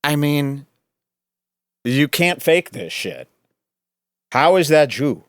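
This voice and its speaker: A man's voice: fairly high pitch, sing-song, slow pace, fairly bright tone, no echo, clean studio sound. A man hosting a podcast, giving sarcastic, scoffing commentary over a clip, often breaking into laughter. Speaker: podcast host.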